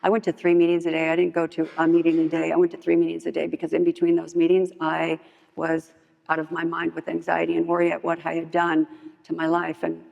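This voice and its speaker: A woman's voice: deep voice, monotone, fast, vocal fry, darkish tone. A woman giving candid personal testimony in a chatty storytelling way at a meeting hall. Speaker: speaker at a recovery meeting. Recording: echoey hall, dull lo-fi sound.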